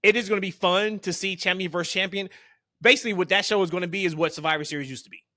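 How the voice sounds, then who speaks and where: A man's voice: high-pitched, racing, sharp tone, no echo, studio quality. A man hosting a podcast, chatty and upbeat, often laughing as he talks. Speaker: podcast host. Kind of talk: casual podcast chat.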